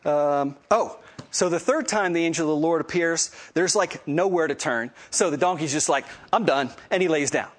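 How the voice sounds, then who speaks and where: A man teaching a casual Bible lesson, retelling the story conversationally with many fillers and lively storytelling. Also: on the high side, moderate pace, few pauses.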